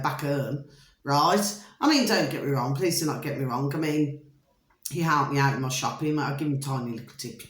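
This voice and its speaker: A British woman vlogging, telling a long rambling story to her viewers in a theatrical, repetitive way and calling them pet names. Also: low-pitched. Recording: roomy echo.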